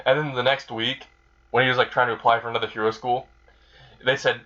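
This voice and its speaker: A man's voice: medium pitch, little pitch movement, quick pace, bright, forceful tone, muffled recording. A man casually retelling a comedic fan story, rambling and crude with lots of filler words.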